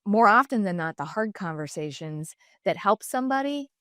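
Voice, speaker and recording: A woman's voice: medium pitch, normal speed, no room sound. Middle-aged woman, podcast guest, candid storyteller, dry close sound. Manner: animated, acts out quoted dialogue in shifting voices. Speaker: podcast guest, designer and entrepreneur.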